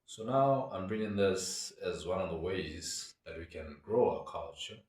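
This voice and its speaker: Low-voiced guy w a rambling thoughtfully, sounds far off in a roomy space. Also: measured pace, a little mellow. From Botswana. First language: Setswana. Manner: reflective, meandering. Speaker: cultural commentator. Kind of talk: casual monologue. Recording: echoey room, away from mic.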